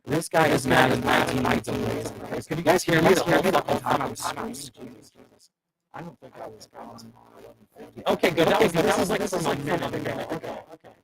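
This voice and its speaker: A man with a slightly high, gravelly voice hosts a live stream, loud and profane, venting and apologizing by turns. Heavy crowd-like noise sits behind him. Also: expressive, a little fast, rough recording. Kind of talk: casual live stream chat.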